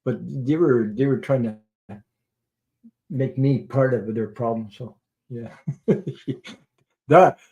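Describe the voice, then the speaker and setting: A man's voice: medium pitch, takes it slowly, pauses often, dark tone, highs cut off. A middle-aged man hosting a tarot livestream, chatting in a rambling way, laughing often and swearing casually. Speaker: tarot reader and livestream host.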